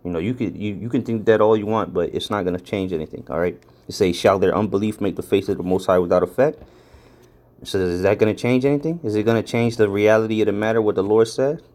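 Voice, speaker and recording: A man's voice: lowish voice, fast, darkish tone. A man giving a casual, blunt scripture lesson, rambling and repeating words as he leans hard on the words he wants to stress. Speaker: preacher.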